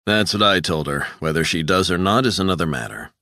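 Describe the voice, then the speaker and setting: A man voicing a calm investigator who speaks tersely and levelly. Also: low voice, fairly quick, dry recording, studio quality, heavily acted.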